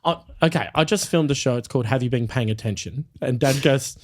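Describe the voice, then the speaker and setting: A man hosting a casual podcast, telling an animated anecdote. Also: medium pitch, brisk. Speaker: podcast host. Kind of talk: casual storytelling.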